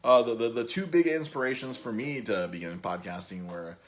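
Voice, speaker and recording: A man's voice: mid-range voice, moderate pace, slight background noise. A man in his thirties hosting a podcast, telling stories in a rambling, laughing way with many restarts. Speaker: podcast host. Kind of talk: casual storytelling chat.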